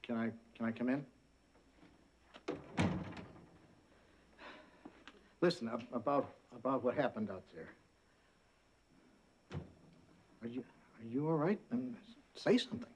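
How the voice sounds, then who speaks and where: An actor playing a mild, polite sidekick and announcer who stammers meekly in a sitcom. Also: male voice, medium pitch, animated, brisk, darkish tone, slight background noise, natural voice. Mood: stammering. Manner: stammering, meek. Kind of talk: 1980s sitcom acting.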